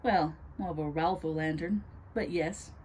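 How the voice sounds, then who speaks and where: A woman's voice: a little slow, a little mellow, a little hiss or hum. A woman voicing a gleeful, cruel witch in a sugary, mocking tone. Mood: gloating. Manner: sugary, mocking, pitched up high.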